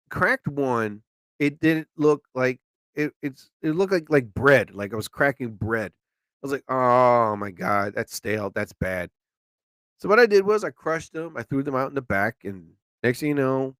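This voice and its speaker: A medium-pitched male voice, no room sound. The live-show host rambles through ordinary anecdotes alone, an animated storyteller who performs each quote.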